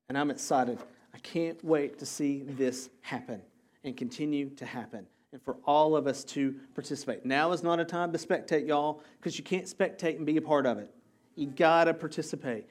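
Energetic pastor with a drawl. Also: male voice, on the high side. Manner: energetic, repeats key phrases for emphasis. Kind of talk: sermon.

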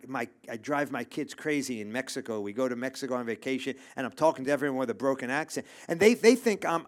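A middle-aged man preaching a sermon to a congregation. He talks emphatically, repeats his phrases and keeps checking in with "okay?". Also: mid-range voice. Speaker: pastor. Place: church room with a congregation.

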